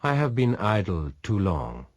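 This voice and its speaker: A man's voice: on the low side, big pitch swings, a little slow. A man reading a mocking, daring pirate captain. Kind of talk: audiobook reading.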